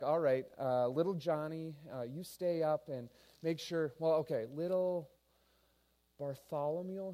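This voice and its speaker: Pastor guy giving a chatty sermon, warm mellow tone, tells it like a story. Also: on the high side. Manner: conversational, animated storytelling.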